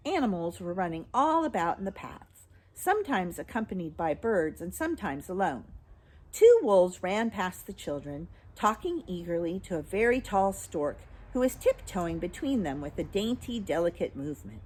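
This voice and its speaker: A woman reading a children's book aloud, in an expressive storytelling way. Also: fairly low pitch, moderate pace, husky. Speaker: storybook reader.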